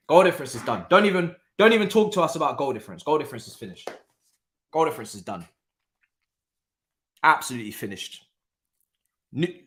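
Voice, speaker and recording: A young man hosting a casual live football watchalong, talking in an animated, repetitive way with lots of slang and laughter. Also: a little high. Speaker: watchalong host. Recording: roomy echo.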